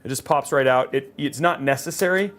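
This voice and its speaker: A man's voice: medium pitch, brisk, a bit bright. A man hosting a live PC-building stream from a studio. He chats casually and cheerfully and rambles with plenty of fillers. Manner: chatty, upbeat, rambling with fillers. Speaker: livestream host building a PC.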